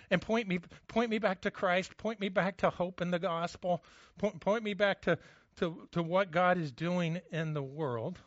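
A man preaching a sermon, telling a story with energy and dropping to a hush for the quiet moments. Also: sits high, fairly even intonation, a little slow, no echo, dull audio. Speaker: pastor.

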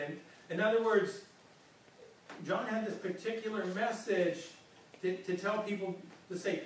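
A man's voice: high voice, steady tone, moderate pace, slight background noise. A male pastor giving a conversational sermon, often repeating words as he speaks. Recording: echoey room from far off.

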